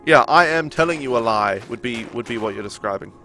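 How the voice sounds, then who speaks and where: A man's voice: mid-range voice, expressive, fairly quick, pushed and bright, faint music behind. A man streaming a game live, chatting casually and arguing with viewers in chat. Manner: chatty, argumentative, reading and answering chat.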